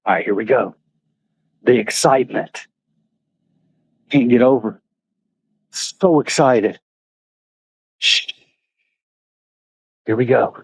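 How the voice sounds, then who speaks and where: Filming a handheld vlog outdoors at an animal park, this man chats casually and addresses the animals in a high sing-song. His voice is gravelly and husky, slow-paced with frequent pauses, and there is no room sound.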